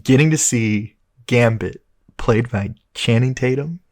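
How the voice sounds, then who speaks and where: A man co-hosting a loose, casual film review chat, his voice at an everyday middle pitch. He gets excited easily, swears freely and laughs a lot. The sound is dry and close, with little room around it. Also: unhurried, no room sound. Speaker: podcast co-host.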